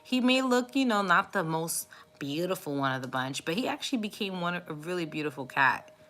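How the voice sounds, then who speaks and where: A woman host chatting casually with viewers on a live stream, warm and cooing as she talks about cats. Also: lowish voice, sing-song, brisk. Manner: chatty and affectionate, cooing baby talk at her cat. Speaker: tarot reader live streaming.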